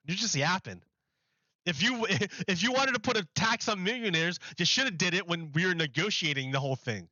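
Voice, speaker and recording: A man's voice: sits high, expressive, brisk, sharp tone, no room sound, highs cut off. A man streaming live, rambling through a mocking rant in casual chat and laughing often.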